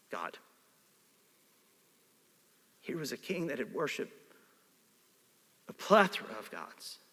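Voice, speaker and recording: Animated high-voiced preacher in a hall. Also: male voice. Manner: animated, swings from hushed to shouting. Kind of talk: sermon. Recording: reverberant hall.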